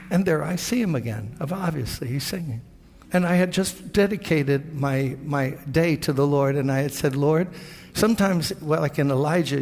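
A man's voice: on the high side, vocal fry, a little mellow, in a large hall. An older man, a pastor, preaching a sermon with earnest storytelling, quoting prayers and conversations.

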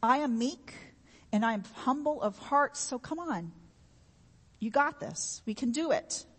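A woman's voice: sits high, lively intonation, a little slow, fairly bright tone, breathy edge, big-room sound, full character voice. A woman preacher voicing a divine man who coaxes and cheers someone on from above, repeating encouragements. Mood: coaxing. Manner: coaxing, repetitive cheering.

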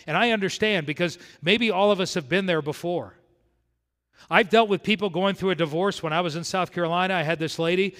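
A man from South Florida preaching a sermon verse by verse, moving between quiet and emphatic delivery. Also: high voice, brisk. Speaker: pastor. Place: church sanctuary. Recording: long hall reverb.

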